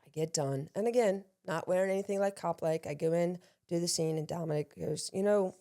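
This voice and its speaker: Low, mellow-voiced woman telling stories. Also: fairly quick. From Maryland. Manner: lively, self-deprecating storyteller who acts out quotes. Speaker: guest, actor and law enforcement veteran. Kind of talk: casual storytelling interview.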